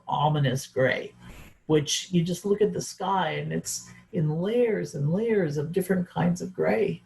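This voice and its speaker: Gravelly-voiced woman telling a personal story. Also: sits low, a little mellow, low-quality recording. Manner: earnest, reflective storytelling. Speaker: event speaker.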